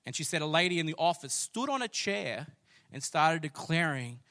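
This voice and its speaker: A man's voice: fairly high pitch, sing-song, normal speed. A man, preaching a sermon and telling a story with rising passion. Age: late 30s. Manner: storytelling, builds to loud passionate declaring. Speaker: pastor.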